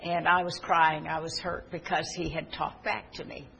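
A woman's voice: low-pitched, steady tone, normal speed, gravelly, a bit bright, slight background noise, rough recording. A woman preaching a sermon, telling personal stories and building to earnest, emphatic exhortation.

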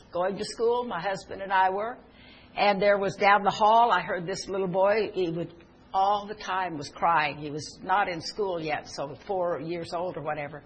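A woman's voice: medium pitch, breathy edge, poor audio. A woman preaching a sermon, telling personal stories and building to earnest, emphatic exhortation.

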